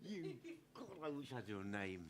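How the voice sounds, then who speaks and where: A man's voice: on the low side, big pitch swings, moderate pace, very noisy. A man, a folk singer chatting onstage between songs, rambling and self-mocking with dry jokes. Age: 60s. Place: live music venue stage. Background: live audience and instruments.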